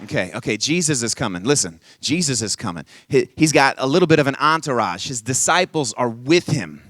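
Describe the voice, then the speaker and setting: Animated male camp preacher. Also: medium pitch, fairly quick, no room sound. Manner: animated, playful, coaxing the audience. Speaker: camp speaker. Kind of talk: energetic youth sermon with crowd call-and-response. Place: camp conference session.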